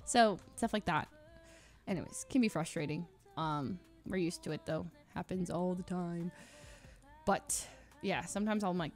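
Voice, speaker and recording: A woman's voice: on the low side, a little slow, a little mellow, soft background music. A young woman streamer chatting casually with her viewers, rambling, laughing often and mimicking other people's voices.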